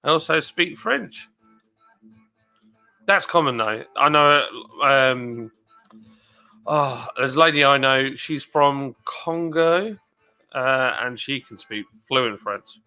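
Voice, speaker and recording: A man's voice: medium pitch, takes it slowly, long pauses, bright, forceful tone, soft background music, poor audio. An English man hosting a live stream, chatting casually and rambling as he reads out viewer comments. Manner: rambling, chatty, jokey asides.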